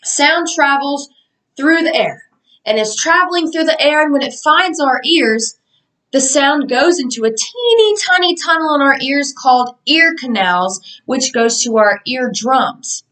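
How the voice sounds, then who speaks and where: A young woman leads a pretend class of children, her voice light and fairly high. She talks in an upbeat, sing-song teacher manner, drawing out instructions slowly. The mic sits a bit away from her. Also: expressive, sharp tone, recorded from a distance, poor audio. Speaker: college student teaching a mock class. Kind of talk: mock classroom lesson for children.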